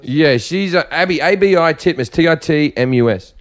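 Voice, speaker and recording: A man's voice: on the high side, moderate pace. A man telling stories in casual, profane chat, acting out the voices of the people in them. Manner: profane, animated, acts out voices. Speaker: comedian guest.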